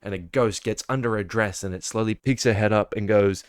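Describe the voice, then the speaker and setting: A man's voice: lowish voice, fairly quick, clear, resonant tone, dry recording, clean studio sound. A young man giving a casual film review, ranting with exasperation and swearing, mocking what he dislikes. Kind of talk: casual monthly movie review.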